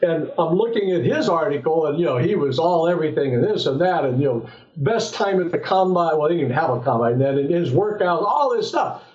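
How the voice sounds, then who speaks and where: An older man from Southern California, a former pro football player, telling lively anecdotes as an interview guest, often restarting his sentences. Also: a little high, a little fast. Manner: animated anecdotes with frequent restarts. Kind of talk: relaxed storytelling in an interview. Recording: echoey, slightly dull sound.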